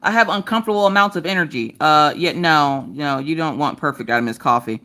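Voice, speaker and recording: A woman's voice: low-pitched, brisk. A woman hosting a casual crafting livestream, talking straight to her viewers with sass and lots of energy. She grew up in the eastern United States countryside. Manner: animated, sassy, talks straight to viewers. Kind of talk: casual live chat.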